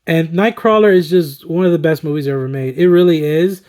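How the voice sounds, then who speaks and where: A slightly hoarse man talking enthusiastically through his favorite movies, rambling with fillers and chuckles. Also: fairly high pitch, brisk, a little mellow. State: slightly hoarse, throat recovering. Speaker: movie collector and vlogger. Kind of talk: casual movie-ranking commentary.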